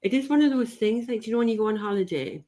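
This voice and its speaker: A woman's voice: on the high side, animated, racing, warm tone. A woman from North East England, hosting a podcast in friendly casual chat and asking questions. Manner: friendly, asks questions, laughs easily. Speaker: podcast host.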